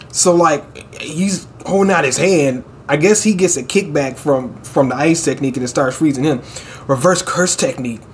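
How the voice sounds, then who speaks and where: A man hosting a manga chapter reaction, reading panels aloud with excitable, profane commentary and frequent laughter. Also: fairly high pitch, slight background noise.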